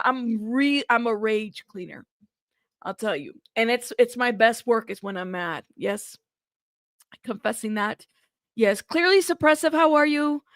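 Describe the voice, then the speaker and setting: A woman's voice: high voice, fairly bright tone, dry recording, clean studio sound. Chatty woman greeting livestream viewers. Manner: chatty, greets viewers by name, laughs often. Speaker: livestream news host. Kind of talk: casual live chat reading comments.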